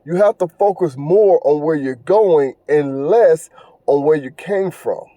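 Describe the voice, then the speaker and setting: A middle-aged man talks solo on his podcast in an earnest, lecturing way. His voice sits a bit high but sounds warm and dark, and he often repeats himself and stumbles over uh's. The recording is dry, with no room sound. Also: unhurried, no room sound. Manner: earnest, preachy, repeats phrases, stumbles with fillers. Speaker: podcast host. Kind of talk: casual monologue commentary.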